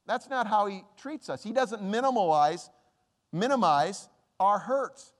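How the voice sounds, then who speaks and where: A man preaching a sermon as a pastor, earnest and pleading, slowing down to stress scripture verses. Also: sits high, animated, long reverb tail.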